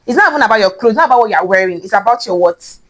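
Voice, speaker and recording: A young woman with a Nigerian accent hosting a casual teaching chat, excitable and playful, repeating phrases for emphasis. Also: mid-range voice, rapid-fire. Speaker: host.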